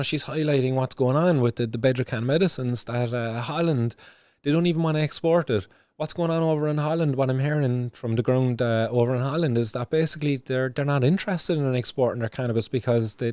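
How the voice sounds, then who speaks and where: A man's voice: mid-range voice, darkish tone, dry recording, clean studio sound. A young Irish man hosting a casual livestream news show, ranting with lots of swearing, fillers and restarts. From Ireland. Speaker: show host.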